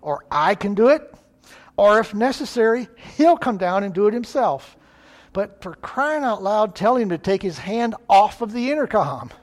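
A woman's voice: medium pitch, expressive, normal speed, voice pushed up, close to an everyday voice. A male preacher voicing a sleepy, exasperated young woman in a told story. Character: sleepy young woman, blunt older sister.

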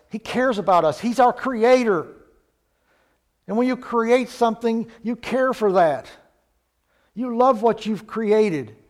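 A man with a fairly high voice delivers a sermon at a slow, deliberate pace. He sounds earnest and lets his volume swell on the lines he wants to land. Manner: slow, earnest, rises in volume on key points. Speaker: preacher.

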